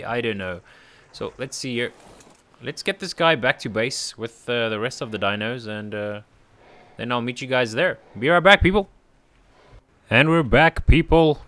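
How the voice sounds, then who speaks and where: A man doing relaxed gameplay commentary for his channel, talking through each step and cooing at his tamed creatures. His voice sits at an ordinary middle pitch, and the delivery is loose and chatty, with little laughs mixed in. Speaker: gaming channel host. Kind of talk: casual let's-play commentary.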